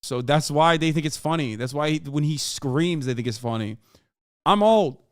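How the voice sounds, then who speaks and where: A man in his thirties talks straight into the mic on a live stream, his voice smooth and resonant with a dry, close sound. He rants, swears freely and leans hard on his points between "uh"s and "like"s. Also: on the high side, moderate pace, no echo. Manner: profane, emphatic ranting with many fillers. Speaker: streamer reacting to a clip. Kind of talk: casual live-stream commentary.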